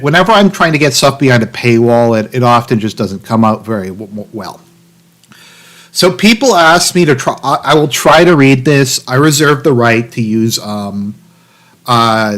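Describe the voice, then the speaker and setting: A man hosting a political livestream reads an article aloud and breaks off into sarcastic asides. He rambles, restarts sentences, and fills pauses with ums. His voice sits at an ordinary middle pitch. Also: animated, fairly bright tone. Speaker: political commentary streamer.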